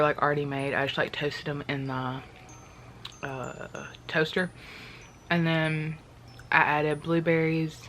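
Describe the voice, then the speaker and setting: A woman's voice: deep voice, a bit bright, a little hiss or hum. A young woman, chatting casually to the camera in a rambling way, full of fillers. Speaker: vlogger.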